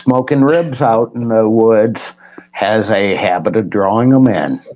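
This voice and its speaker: A man's voice: fairly low pitch, a little slow. A man chatting casually and giving laid-back replies as a co-host. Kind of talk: casual chat. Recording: dull lo-fi sound.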